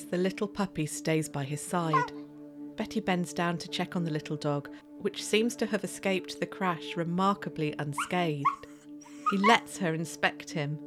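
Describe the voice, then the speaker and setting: A woman with a fairly low voice tells a scripted story at a measured, atmospheric pace. A clear music bed runs beneath her narration throughout. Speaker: podcast narrator.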